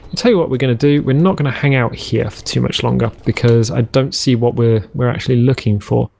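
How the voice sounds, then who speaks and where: A man's voice: mid-range voice, a little fast, gravelly, a little mellow. Chatty man rambling over gameplay. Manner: rambling, chatty, musing aloud while playing. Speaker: gaming channel host. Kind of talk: let's play commentary.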